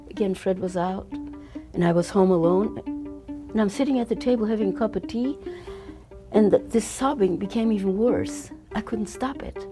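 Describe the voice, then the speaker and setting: Elderly European-born woman recalling her past. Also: medium pitch. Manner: earnest, halting, with repeated words and restarts. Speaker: Holocaust survivor giving testimony. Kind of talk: personal testimony, recalled aloud. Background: soft instrumental music.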